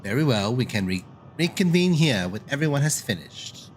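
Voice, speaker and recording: A man's voice: medium pitch, sing-song, moderate pace, slight background noise, natural voice. A man voicing a formal young male scholar ally, reading game dialogue aloud with archaic, formal phrasing. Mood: earnest.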